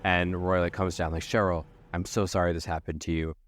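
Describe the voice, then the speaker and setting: Deep-voiced man narrating a game. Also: little pitch movement, fairly quick. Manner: loose, filler-heavy storytelling. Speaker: game master. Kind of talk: improvised tabletop role-play narration.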